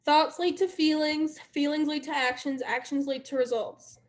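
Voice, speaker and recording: A woman's voice: high-pitched, fairly even intonation, moderate pace. A young woman leading her sales team in a casual motivational live stream, chatty and repetitive, talking straight to her viewers.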